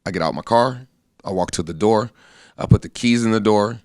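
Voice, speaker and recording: This is a man in his thirties from the United States, an army veteran and guest, recounting his story in an earnest, plainspoken, conversational way while acting out quoted voices. He speaks fairly quickly in a fairly low, slightly mellow voice, with clean studio sound and no room sound.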